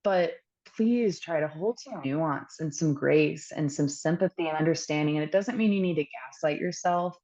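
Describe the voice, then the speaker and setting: Low-voiced woman, earnest and reflective. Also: a little mellow, highs cut off. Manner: earnest, reflective, with many pauses and fillers. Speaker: podcast guest. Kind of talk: candid personal storytelling.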